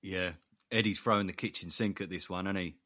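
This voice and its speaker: A man's voice: deep voice, steady tone, a little fast, sharp tone. A man co-hosting a casual sports chat, laid-back and musing, often ending on tag questions. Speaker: podcast co-host.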